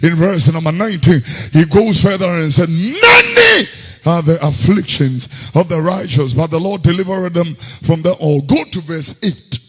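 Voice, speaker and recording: A Ghanaian-accented man preaching a sermon, moving between quiet scripture reading and sudden sing-song shouts. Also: on the high side, sing-song, normal speed, slightly rough, big-room sound.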